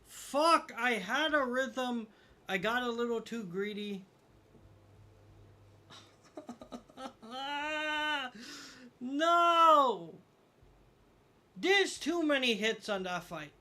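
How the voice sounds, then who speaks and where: Bright-voiced frustrated young gaming streamer man. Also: very high-pitched, animated, measured pace. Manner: frustrated, swearing, self-mocking. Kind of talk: casual gameplay commentary to chat.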